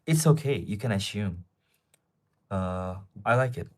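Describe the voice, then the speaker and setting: A young man in his twenties with an Asian accent in English, talking in a low voice on a casual live stream. He reads out viewer questions and answers them off the cuff, rambling from one point to the next. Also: expressive, a little slow, darkish tone. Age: 20s.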